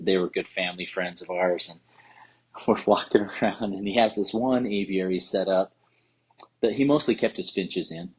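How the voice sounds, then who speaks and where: Husky low-voiced man telling stories. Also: poor audio. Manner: animated storyteller, acts out quotes. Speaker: podcast co-host. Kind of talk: casual storytelling chat.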